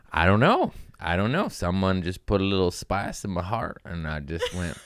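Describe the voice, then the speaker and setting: A man with a low voice rambles through a comedy podcast, joking and cursing. His pitch jumps all over the place. The sound is dry and close to the mic. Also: sing-song, measured pace, a bit bright, dry recording. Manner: profane, jokey, bursts into silly put-on voices. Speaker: comedian host.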